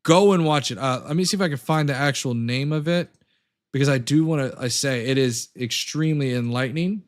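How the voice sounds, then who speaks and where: A man's voice: mid-range voice, fairly quick. A man hosting a casual livestream talk show, rambling and hesitant with many fillers.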